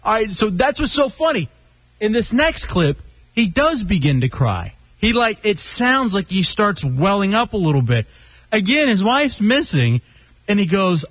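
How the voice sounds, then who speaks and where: A man's voice: sits high, sing-song, normal speed, fairly bright tone, dry recording. A man hosting a radio show, chatting casually, joking and reading quotes aloud. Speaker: radio host.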